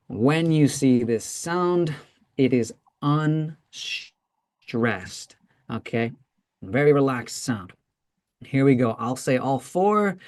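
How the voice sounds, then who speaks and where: A teacher leading a classroom pronunciation lesson, modeling words slowly and checking in with "right?" often. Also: medium pitch, a little mellow.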